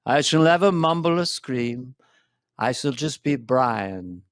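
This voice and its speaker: A man voicing a bland, calm male president who speaks in a slow, hushed, soothing way. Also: medium pitch, no echo, studio quality, voice pushed down.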